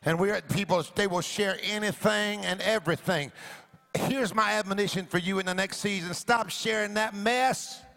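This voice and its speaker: A woman's voice: medium pitch, normal speed, vocal fry, a bit bright. A woman pastor preaching a sermon in a church, leading the congregation in emphatic call-and-response with a sing-song cadence. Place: church sanctuary.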